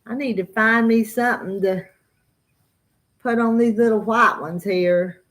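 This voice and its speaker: A middle-aged woman with a slow Southern drawl talks casually to her live-stream viewers, her voice sitting a little high for a woman. She chats, answers comments and laughs often. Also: fairly even intonation. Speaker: farm vlogger answering live chat.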